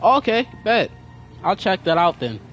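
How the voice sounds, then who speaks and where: A man's voice: high-pitched, sing-song, a little slow, fairly bright tone. A young man chatting casually with viewers while playing a game, in a slangy, talkative way. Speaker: gaming streamer. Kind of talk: casual gameplay commentary. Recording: game music playing behind.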